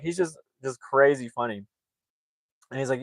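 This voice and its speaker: A man's voice: medium pitch, moderate pace, long pauses, dry recording. A man casually recapping a comedy film's plot, rambling with lots of "like" and restarts. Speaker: movie reviewer.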